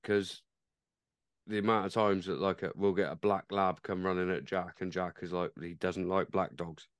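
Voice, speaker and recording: A man with a low, smooth, resonant voice chats casually on a pub-style podcast. He swears freely and restarts his sentences as he goes. The sound is dry and close. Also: little pitch movement, normal speed, no echo. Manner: chatty, swears, trails off and restarts. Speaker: podcast host.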